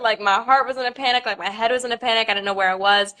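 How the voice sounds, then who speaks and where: A woman in her twenties talks casually to viewers on a livestream. She speaks in a halting way, full of ums and small nervous laughs. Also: on the high side, steady tone, sharp tone. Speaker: pageant contestant.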